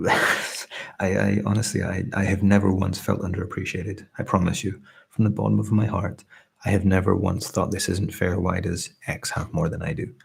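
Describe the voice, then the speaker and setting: Deep gravelly man, soft Scottish lilt. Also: flat delivery. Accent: softened Scottish. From Scotland. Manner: earnest, grateful, reading out chat comments between pauses. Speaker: ASMR creator hosting a live stream. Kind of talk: soft-spoken live stream chat.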